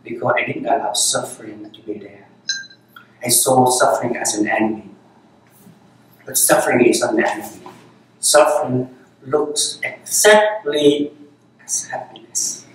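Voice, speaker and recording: Man, Zen teacher, dharma talk, unhurried repeated phrases, very echoey hall, far from the mic. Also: medium pitch. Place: meditation center hall.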